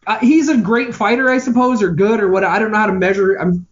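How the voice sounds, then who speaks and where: A man co-hosting a podcast, ranting about a film in an animated, exasperated way during casual chat. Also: sits high, fast. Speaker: podcast co-host. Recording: dull lo-fi sound.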